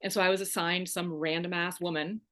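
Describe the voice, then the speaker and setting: Lower-pitched woman telling a wry story. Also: fairly even intonation, a little fast, a bit bright. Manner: emphatic, wry, acts out quoted voices. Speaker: podcast guest. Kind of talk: candid personal storytelling.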